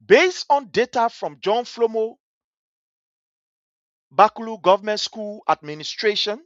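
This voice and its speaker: A man's voice: high-pitched, expressive, unhurried, no echo, muffled recording. A man giving heated, indignant commentary on a live stream, repeating phrases for emphasis. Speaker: livestream host.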